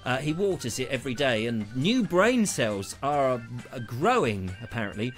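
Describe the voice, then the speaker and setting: A man's voice: medium pitch, very animated, normal speed, soft background music. A middle-aged man hosting a live online show, chatting to viewers with theatrical, teasing jokes and asides. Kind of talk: chatty live-stream monologue.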